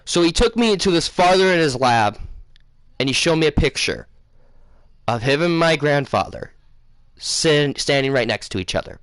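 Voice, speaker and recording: A man casually telling his viewers a long dream story, rambling, losing his place and filling pauses with um and uh. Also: on the high side, big pitch swings, fairly bright tone, smooth, no room sound. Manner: rambling, loses his place, many fillers. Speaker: gaming channel host.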